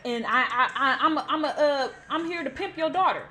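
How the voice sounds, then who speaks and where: A woman's voice: on the high side, lively intonation, brisk, close to an everyday voice. A woman voicing a pushy, boastful man who poses as a music producer and laughs off his own creepy joke. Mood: joking.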